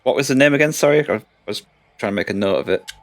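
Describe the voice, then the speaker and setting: A man's voice: medium pitch, animated, quick pace, no echo. A man chatting and giggling as a player in a tabletop game. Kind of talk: casual game chat.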